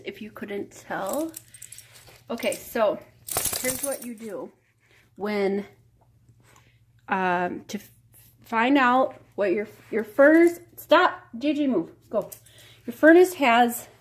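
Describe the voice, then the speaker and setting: A woman chatting casually through a home vlog, talking to her pets in a high baby voice now and then. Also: takes it slowly, pauses often, husky. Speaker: vlogger. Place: house, indoors.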